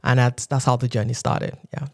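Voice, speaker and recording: A woman from Nigeria in her thirties, telling stories as a podcast guest and acting out quotes in animated voices. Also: very deep voice, fairly quick. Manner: animated storyteller who acts out quotes, often laughing. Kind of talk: casual interview talk.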